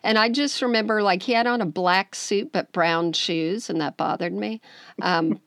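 A woman co-hosting a casual chat, telling stories in a relaxed way with wry asides. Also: mid-range voice, normal speed, dry recording, studio quality. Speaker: podcast co-host.

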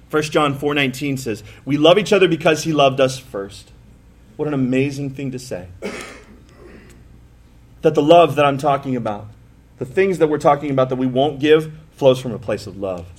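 Middle-aged male pastor, mid pitch, chatty sermon delivery with punchy emphatic bursts. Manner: conversational, self-deprecating, with rising emphatic bursts. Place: church sanctuary.

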